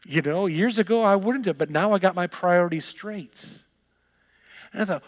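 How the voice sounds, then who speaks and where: A man preaching a sermon as pastor, dropping soft and low for reflection and rising loud and excited when he retells scripture. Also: big-room sound.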